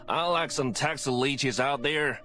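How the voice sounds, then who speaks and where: Game role: a prickly private eye, drawling and scornful, low-ish voice, light music under him. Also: male voice, slow, sharp tone. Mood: sneering. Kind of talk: video game voice acting.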